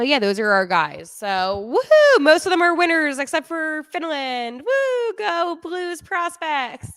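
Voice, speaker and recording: A woman's voice: mid-range voice, bright, forceful tone, smooth, no echo, clean studio sound. A young woman with a New Jersey accent, hosting a casual hockey podcast in a chatty, self-deprecating way. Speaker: podcast host. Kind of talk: casual hockey recap on a livestream.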